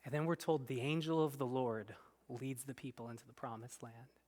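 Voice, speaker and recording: A man preaching a sermon as pastor, animated and emphatic, at times dropping to soft, quiet tones. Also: mid-range voice, moderate pace. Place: church sanctuary. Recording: long reverb in a church hall.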